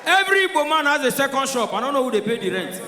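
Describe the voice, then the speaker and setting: A man's voice: very high-pitched, very animated, quick pace, sharp tone. A man with a Nigerian Pidgin accent doing live stand-up, telling stories animatedly and switching into character voices. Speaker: stand-up comedian. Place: large live comedy venue. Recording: echoey hall from far off.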